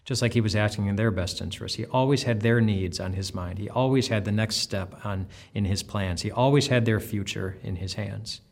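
Low-voiced pastor giving a devotional. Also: male voice, a little fast, gravelly, hardly any pauses. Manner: earnest, conversational, frequent restarts. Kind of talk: devotional teaching.

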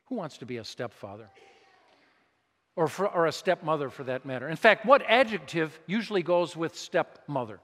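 This preacher has a fairly high, somewhat bright voice and speaks at a normal speed in an animated way. Rather than lecturing, he talks with his congregation, stressing words and tossing out rhetorical questions, his voice echoing through a large church hall.

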